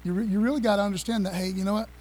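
A man preaching with a high, lifted voice, quick and excitable, tossing in laughs and casual asides to his church. A faint hum runs underneath. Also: poor audio. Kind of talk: energetic sermon with slides.

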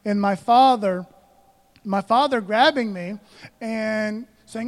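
High-voiced joking pastor. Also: male voice, slow. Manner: conversational, joking, calls out to congregation. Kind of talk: sermon.

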